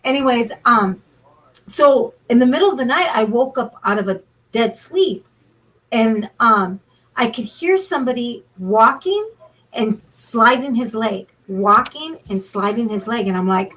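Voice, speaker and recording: A woman guest from Minnesota spins a story in a loose, rambling way, dotting her sentences with "like" and "you know." Her voice sits on the higher side for a woman. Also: lively intonation, measured pace, a bit bright, rough recording. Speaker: paranormal investigator guest. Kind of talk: casual storytelling.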